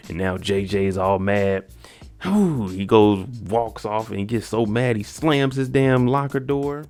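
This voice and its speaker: Man, gravelly voice, animated casual recap host, soft music under. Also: fairly low pitch, a little slow. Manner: animated, acts out characters' lines.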